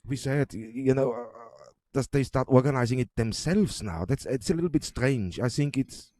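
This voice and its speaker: A man co-hosting a live talk show, halting and full of fillers, with slightly non-native phrasing. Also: mid-range voice, warm tone, no echo, studio quality. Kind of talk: live chat show presenting. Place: studio.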